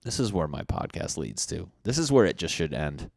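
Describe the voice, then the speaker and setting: A young man hosting a solo comedy podcast, swearing and riffing, acting out angry neighbors in loud mock voices. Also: low-pitched, sing-song, moderate pace, creaky, dry recording, clean studio sound. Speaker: podcast host.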